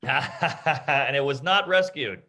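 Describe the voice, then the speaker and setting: A man's voice: mid-range voice, slow pace, bright, forceful tone. A man in his thirties, a comedian co-hosting a casual chat, telling laid-back anecdotes with dry asides. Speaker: podcast co-host, comedian.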